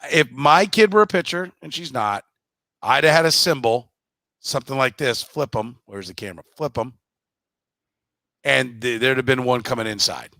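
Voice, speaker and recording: A man's voice: medium pitch, expressive, moderate pace, creaky, bright, forceful tone, no room sound. A man co-hosting a casual sports podcast, blunt and profane, mocking others in put-on voices. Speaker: podcast co-host.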